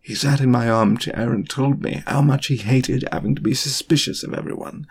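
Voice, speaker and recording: A man's voice: medium pitch, normal speed, gravelly, husky, voice pushed up. A man voicing an earnest, desperate grown wizard in an audiobook reading, speaking with urgent, pleading questions. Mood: anguished.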